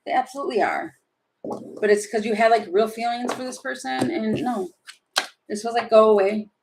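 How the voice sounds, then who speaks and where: A woman's voice: a little high, moderate pace, creaky, noisy background. A woman doing a casual live tarot reading, chatty and opinionated, rambling with many fillers and asides. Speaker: tarot reader.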